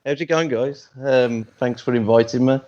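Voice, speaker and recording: A man's voice: medium pitch, moderate pace, mellow. A man from London with an English accent, a first-time podcast guest, modest and hesitant with small chuckles. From London, England. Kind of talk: casual podcast chat. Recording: dull lo-fi mic.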